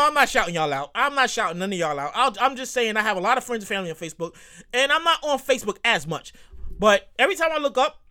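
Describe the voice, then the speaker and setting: A woman hosts her own show, ranting in a loud, profane, comedic way. Her voice sits high and bright and swoops widely in pitch. She repeats her lines for emphasis and talks to her listeners directly. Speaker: podcast host. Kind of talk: solo comedic rant.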